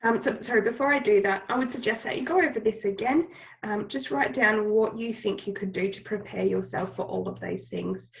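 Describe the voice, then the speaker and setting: A woman's voice: mid-range voice, fairly quick, gravelly, poor audio. A woman teacher with a cold, giving patient, step-by-step instructions in a recorded lesson and repeating the key points. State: has a cold, coughing.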